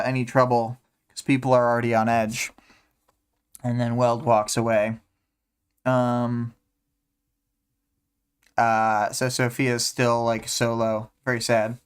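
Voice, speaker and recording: A man's voice: mid-range voice, clean tone. A man hosting a casual book discussion stream, rambling with many fillers and humming to himself between thoughts. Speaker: podcast host.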